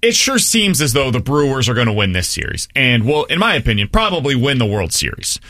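Host radio olahraga pria, suara cerah dan kering. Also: male voice, medium pitch, sing-song, fairly quick, no echo, clean studio sound. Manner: opinionated, thinks out loud. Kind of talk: sports talk radio.

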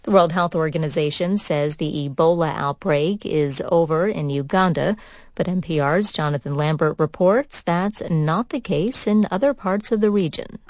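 Low-voiced woman reading the news. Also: no room sound. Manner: even, measured newsreading. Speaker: newscaster. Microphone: studio microphone. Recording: dry studio sound.

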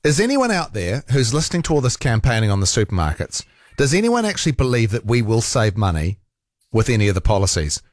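New Zealand radio host, lively chatty voice. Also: male voice, mid-range voice, fast talker, no room sound, studio quality. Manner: chatty, hesitant with fillers and restarts. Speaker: radio talk show host. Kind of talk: casual talkback radio chat. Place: radio studio.

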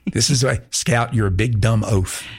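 A man's voice: mid-range voice, takes it slowly, husky. A man hosting a talk radio show in a chatty, rambling, self-mocking way. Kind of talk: casual talk radio chat.

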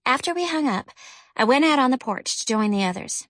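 A woman narrating a children's novel as an audiobook, with a gentle storytelling manner. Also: expressive, a little fast, no echo. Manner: gentle storytelling, lifts pitch for characters' lines. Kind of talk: scripted narration.

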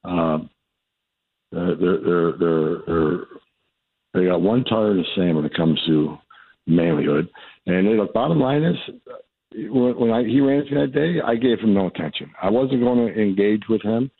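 A blunt, defiant man with a very low, husky voice, hammering home the same points again and again. He comes through a tinny, phone-like line with no room sound. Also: expressive, normal speed, dry recording. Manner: blunt, repetitive, defiant, restarts often. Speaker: radio guest, immigration official. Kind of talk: combative radio interview.

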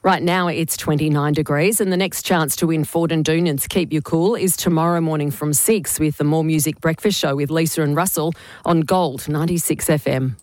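A woman reading news and weather bulletins on the radio in a measured, scripted way. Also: deep voice, fairly even intonation, darkish tone, no room sound. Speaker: radio newsreader.

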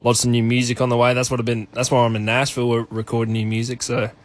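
A young Australian man who works as a singer, chatting casually and in a relaxed way as a guest on a radio show. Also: medium pitch, quick pace. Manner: relaxed, laid-back, hesitant fillers. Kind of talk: casual interview chat.

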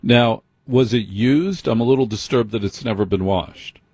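A man's voice: mid-range voice, normal speed, a little mellow, breathy edge, dry recording. A man hosting a late-night call-in radio show, teasing his callers bluntly.

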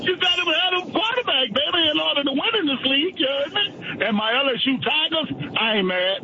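A high-voiced man calls in, excitable and full of slang. His voice comes through a dull, lo-fi line with clear background noise behind him. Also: brisk. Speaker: caller. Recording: noisy lo-fi phone call.

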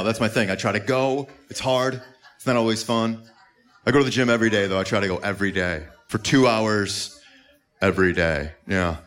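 A man doing a crude stand-up comedy set on a club stage, brash and prone to sudden yelps, on a handheld mic. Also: fairly low pitch. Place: comedy club stage before a live audience. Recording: live club recording with noisy room.

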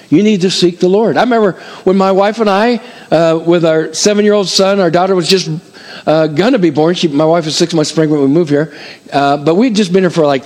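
A middle-aged man preaching a sermon as pastor, calling out to his congregation in an animated way. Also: fairly high pitch. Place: church hall before a congregation.

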